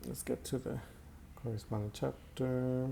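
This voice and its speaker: A man teaching an Italian grammar lesson in a slow, halting way, with many fillers and repeated words. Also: mid-range voice, flat delivery, creaky, mellow. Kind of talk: recorded language lesson.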